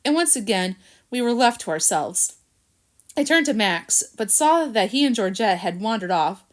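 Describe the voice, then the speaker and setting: A woman narrating a children's storybook in an expressive manner. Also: mid-range voice, moderate pace. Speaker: reader.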